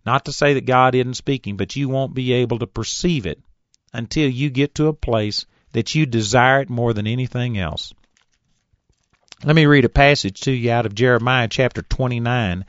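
A man in his fifties giving an earnest Bible teaching, reading scripture slowly and deliberately, on a recorded tape. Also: mid-range voice, no echo. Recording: dull, dry tape recording.

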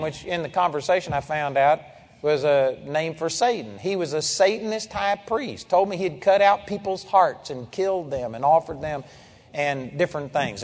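A man preaching, telling a story in an animated, emphatic way and calling out amen. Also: on the high side, big-room sound. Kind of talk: storytelling sermon.

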